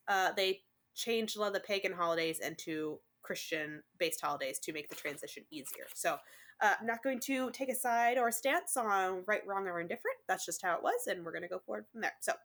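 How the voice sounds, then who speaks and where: A woman's voice: medium pitch, animated, moderate pace, a bit bright. A woman co-hosting a casual podcast, chatting and reading from notes with lots of ums and a slightly dry throat. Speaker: podcast co-host. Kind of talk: casual chat.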